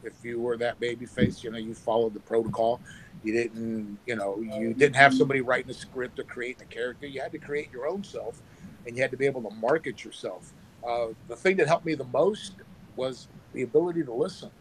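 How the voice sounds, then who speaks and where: A former pro wrestler telling animated stories with sound effects, talking on his phone from work. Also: mid-range voice, brisk, slight background noise, low-quality recording. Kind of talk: casual storytelling.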